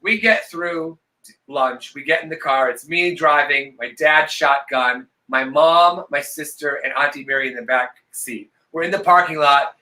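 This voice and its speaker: A slightly high, bright-toned man tells a sprawling family story on a video call. He swears freely and throws himself into the quoted voices. He has had a couple of glasses of vodka and talks like it. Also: unhurried, rough recording. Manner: profane, theatrical, acts out quoted voices. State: tipsy from vodka. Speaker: co-host. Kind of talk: casual storytelling on a live stream.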